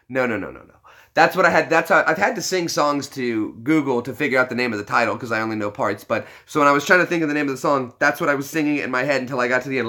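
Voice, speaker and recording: A man's voice: mid-range voice, bright, forceful tone. A man chatting casually to viewers on a live stream, rambling through filler-heavy restarts and joking at his own expense with frequent laughs. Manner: joking, self-deprecating, laughs often.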